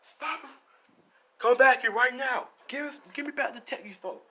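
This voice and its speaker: A man puts on a sly female cat thief in a squealing falsetto, teasing and flirtatious. The voice comes out bright and sharp, leaping around in pitch. It sounds like a fan retelling a superhero story aloud. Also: very animated, a little fast, full character voice. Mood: furious.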